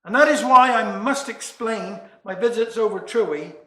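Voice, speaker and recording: A man's voice: sits high, measured pace, sharp tone, reverberant, heavily acted, poor audio. A man doing an evasive Cornish dad. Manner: folksy dialect verse. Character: older rural Cornish father, evasive.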